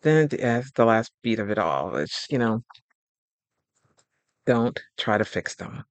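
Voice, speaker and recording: A man's voice: fairly low pitch, sing-song, a little slow, no echo. A man hosting a casual advice talk on relationships, speaking in a loose, colloquial way and acting out little scenes. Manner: chatty, acts out little scenes in quoted voices.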